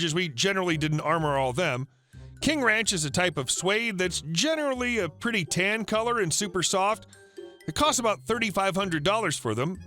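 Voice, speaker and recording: A man's voice: high voice, sharp tone. Upbeat man narrating online stories. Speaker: story narrator.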